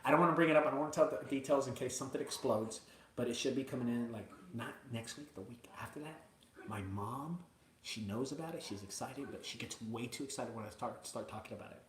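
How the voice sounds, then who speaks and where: A man hosting a live video from his mother's house, chatting casually and excitedly to viewers, rambling between hype and emotion. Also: mid-range voice, fast talker, roomy sound. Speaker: junk removal business owner hosting a live video.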